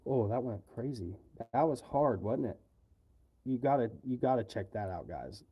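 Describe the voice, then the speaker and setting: A man's voice: medium pitch, expressive, moderate pace, slightly rough, highs cut off. A man live-streaming from home, talking casually in a flustered, exclamatory way.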